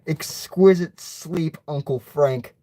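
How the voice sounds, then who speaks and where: A man's voice: on the high side, warm tone. A young man reading his own storybook aloud and voicing its cheeky fifteen-year-old boy hero. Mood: excited. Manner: halting, unpolished storybook reading.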